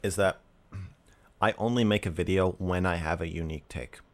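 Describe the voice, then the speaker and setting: A man hosting a call-in stream, ranting in casual, exasperated talk that swears often, flaring loud and then dropping low. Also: normal speed.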